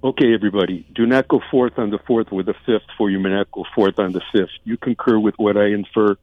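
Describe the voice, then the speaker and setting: A man's voice: lowish voice, fairly even intonation, quick pace, no room sound. A congested man calling in to a radio show, rambling and chatty as he tells his story. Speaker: caller. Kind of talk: casual call-in chat. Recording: tinny phone line.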